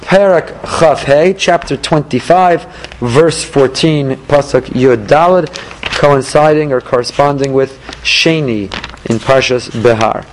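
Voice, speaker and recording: A man, a rabbi, giving an emphatic Torah class with rhetorical questions and animated delivery. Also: mid-range voice, a little slow, slight background noise, rough recording.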